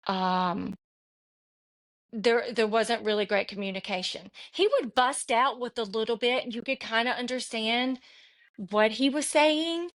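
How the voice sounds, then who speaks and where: A woman's voice: a little high, unhurried, a bit bright. A middle-aged woman, a podcast guest, telling a personal story in an earnest, rambling way with many restarts.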